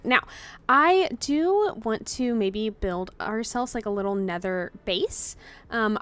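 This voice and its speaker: A young woman hosting a let's play video game commentary, chatty and excitable, breaking into panicked yelps. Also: fairly high pitch. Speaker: gaming channel host.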